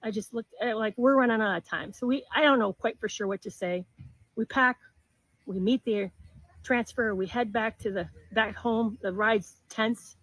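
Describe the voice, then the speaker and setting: Halting middle-aged woman telling her story. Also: on the high side, a bit bright, no room sound, poor audio. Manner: earnest, halting, with repeated restarts. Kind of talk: personal storytime narration.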